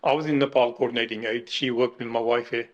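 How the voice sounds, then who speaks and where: A middle-aged man recounting his kidney transplant in an emotional interview, halting and restarting as he speaks. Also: medium pitch, fairly even intonation, highs cut off. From United Kingdom. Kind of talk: emotional personal account.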